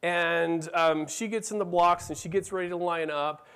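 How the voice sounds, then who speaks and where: A middle-aged man speaks at a conference in a high, steady, fairly bright and smooth voice at a moderate pace. He tells a story about his family in a conference room and acts out what they said.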